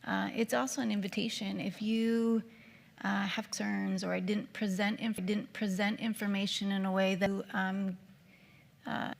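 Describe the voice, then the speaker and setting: A woman's voice: mid-range voice, flat delivery, moderate pace, gravelly, big-room sound. A woman giving a guest lecture, chatty and self-deprecating, with lots of fillers and restarts. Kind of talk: nervous, chatty public lecture. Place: lecture hall.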